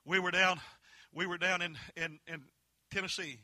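A man preaching a holiness sermon, swinging from folksy, homey storytelling to loud, emphatic peaks. His voice is very bright and cutting, set a little above the usual male pitch. The sound is dry and close, with almost no room echo. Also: fairly even intonation, moderate pace.

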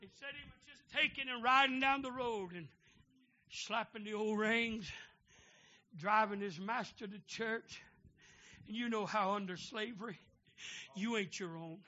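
A male preacher delivering a sermon, calling out to the congregation for amens and building up to shouting. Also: high voice, unhurried, pauses often. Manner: call-and-response, building to shouting. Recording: dull lo-fi sound.

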